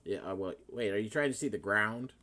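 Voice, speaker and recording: A man's voice: fairly low pitch, brisk, sharp tone. A man running a tabletop game as game master, talking casually with frequent fillers.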